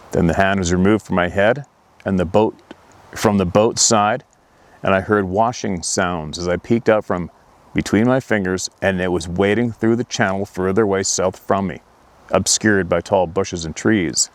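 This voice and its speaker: Low-voiced man telling a painful story. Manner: earnest, slow, emotional recounting. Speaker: hunting channel host. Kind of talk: personal storytelling narration.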